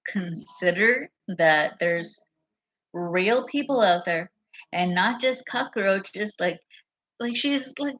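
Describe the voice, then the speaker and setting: This woman has a medium-pitched, fairly bright voice and records herself on a camera mic. She drifts through a casual, swear-filled vlog monologue, wandering off topic and frequently losing track of what she was saying.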